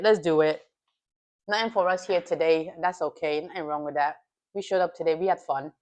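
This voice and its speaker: Low-voiced woman trader chatting on stream. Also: fairly quick. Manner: loose and profane, chatting with viewers; reflective, self-coaching. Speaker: futures trading livestreamer. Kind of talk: casual livestream chat and trade review.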